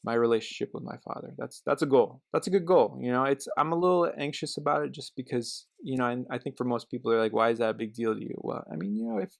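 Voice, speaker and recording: Rambling, gravelly middle-aged man. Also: medium pitch, animated, fast, hardly any pauses. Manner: rambling, self-interrupting, joking; turns quiet and reflective. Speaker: car vlogger. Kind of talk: casual chat.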